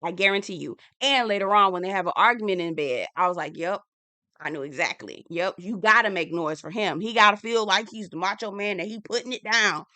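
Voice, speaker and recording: A young woman giving a sassy, animated casual recap of a reality TV episode. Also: medium pitch, fairly quick, no echo. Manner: sassy, animated, acts out quoted lines. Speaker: TV recap reviewer.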